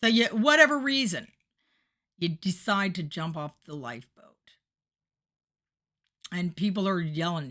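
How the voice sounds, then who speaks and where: A woman's voice: on the low side, animated, measured pace, pauses often, fairly bright tone. A woman hosting a podcast, giving a motivational monologue and acting out the voices in her story. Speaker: podcast host. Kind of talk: motivational monologue on addiction recovery.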